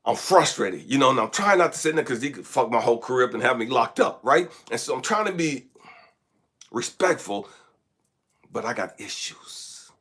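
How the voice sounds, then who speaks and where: A man from California, a life coach, telling a personal story that swings between loud emphatic bursts and hushed asides. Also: medium pitch, big pitch swings, normal speed, slightly rough. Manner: often asks "you know what I mean?". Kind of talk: motivational storytelling.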